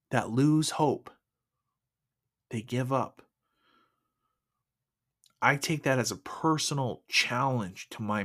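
Male podcast host, testimony storyteller, halting delivery, mid-pitched. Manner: halting, full of fillers and restarts.

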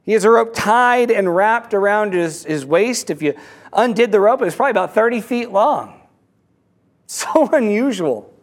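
A man with a notably high voice tells a parable in a sermon. He talks haltingly, often doubling words and restarting his sentences as he goes. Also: expressive. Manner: halting, frequent word repeats and restarts. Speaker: speaker telling a fable.

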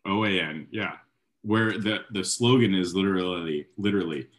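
Young man, very low voice, from Ohio, podcast co-host, deadpan mock-serious banter. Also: moderate pace. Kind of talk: casual comedic chat.

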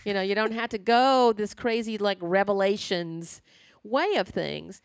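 A woman co-hosting a podcast, joking and firing quick questions in casual chat. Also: medium pitch, dry recording, clean studio sound. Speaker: podcast co-host.

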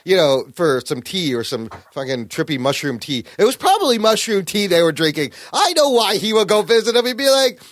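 A man hosts a casual podcast, animated and swearing freely as he recaps a story. His voice is high for a man and very lively in pitch. The sound is dry and close. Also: a little fast, few pauses, dry recording. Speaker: podcast host.

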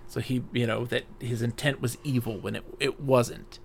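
A man co-hosting a podcast, casually retelling a fantasy novel in an animated way with many fillers. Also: medium pitch, normal speed, gravelly, a little hiss or hum. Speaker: podcast co-host. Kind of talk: casual book discussion.

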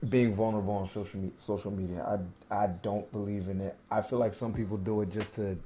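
A man co-hosting a podcast in casual chat, halting and repeating words as he talks. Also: on the low side, little pitch movement, warm tone, slight background noise. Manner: halting, repeats words, agrees with short asides. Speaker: podcast co-host.

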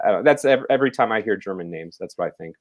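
A man co-hosting a podcast, reviewing a film in rambling, halting casual talk full of fillers and restarts. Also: fairly low pitch, expressive. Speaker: podcast co-host reviewing films.

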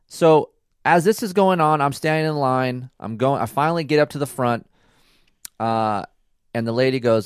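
Animated storytelling dad in a dry room. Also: male voice, medium pitch, moderate pace, clear, resonant tone, dry recording. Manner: animated, rambling, acts out dialogue, swears casually. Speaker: podcast host and racing dad. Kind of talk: casual storytelling chat.

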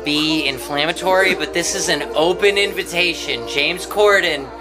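A woman's voice: low-pitched, normal speed. Woman, podcast co-host, crude, sarcastic, swears a lot, music behind. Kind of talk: casual movie commentary chat.

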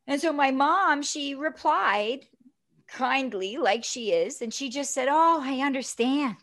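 A woman in her fifties, a guest telling a personal story in an animated, chatty way, often checking in with "right?". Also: high-pitched, takes it slowly.

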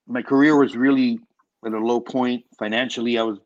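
A filmmaker guest chatting casually in an interview, rambling through animated stories with lots of restarts. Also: male voice, mid-range voice, a little fast, lo-fi sound.

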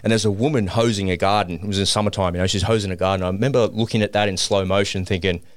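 A middle-aged man, a podcast guest, telling a personal story in a lively way and acting out the voices in it. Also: lowish voice, very fast, no room sound. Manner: animated, acts out the voices in his story.

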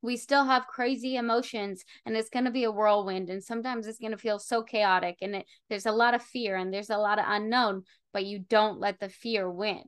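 A woman's voice: mid-range voice, steady tone, brisk, hardly any pauses, smooth. A woman host in a casual faith conversation, encouraging her guest and asking open questions.

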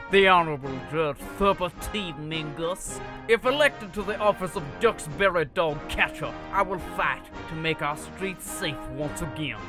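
A man's voice: on the high side, close to an everyday voice. A man voicing a pompous small-town judge in a mock campaign ad, with grandiose, florid delivery. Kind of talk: mock political ad. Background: clear music.

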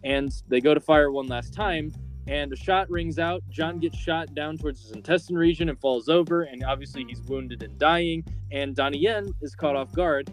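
A man's voice: on the high side, moderate pace, soft background music. Casual man rambling through a movie recap. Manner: rambling, filler-heavy storytelling. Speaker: podcast host.

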